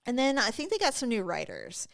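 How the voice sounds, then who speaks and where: A woman co-hosting a casual podcast, her voice sitting a touch high. She tells stories with energy and acts out the quoted lines as she goes. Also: brisk, gravelly. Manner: animated storyteller who acts out quoted dialogue. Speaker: podcast co-host. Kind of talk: casual chat.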